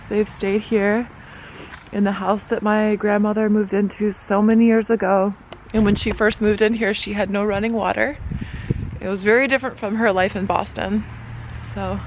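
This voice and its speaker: A woman's voice: medium pitch, background noise. Reflective Michigan woman vlogging. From Michigan, USA. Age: 30s. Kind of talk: casual vlog narration.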